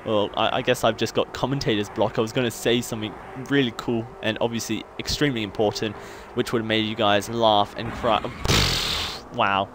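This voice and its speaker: A man's voice: on the low side, steady tone, normal speed, background noise. Hyper rambling Australian young man. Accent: Australian, partly worn down by years in the UK. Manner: hyper, rambling and self-mocking, laughs often. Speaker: gaming YouTuber. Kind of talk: casual gameplay commentary.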